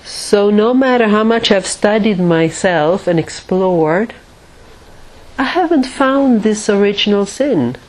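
A woman meditation teacher giving a spiritual talk in a measured, reflective way, pausing often. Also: medium pitch, expressive, rough recording. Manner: measured and reflective, with many pauses.

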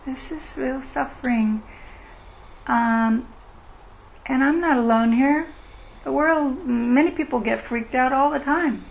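Slow, gravelly-voiced meditation teacher woman. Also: sits high, low-quality recording. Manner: gentle, reflective, acts out inner thoughts. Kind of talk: mindfulness teaching with Q&A.

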